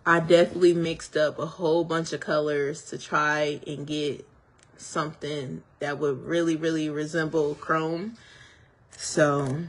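A woman hairstylist chatting casually to her viewers about her products, gushing and a little tongue-tied from her retainers. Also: lowish voice. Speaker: hairstylist and small business owner. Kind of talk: casual product reveal vlog.

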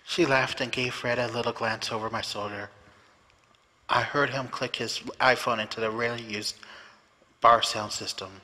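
A man's voice: medium pitch, steady tone, normal speed, bright, forceful tone. Man reading a story in a hall. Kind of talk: first-person story reading. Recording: long hall reverb.

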